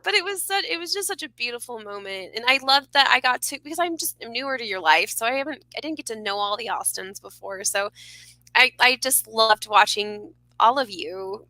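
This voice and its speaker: A woman speaking as a podcast guest, earnest and expressive, laughing often as she talks about mystical experiences. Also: on the high side, fairly quick, no room sound, poor audio. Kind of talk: casual conversation.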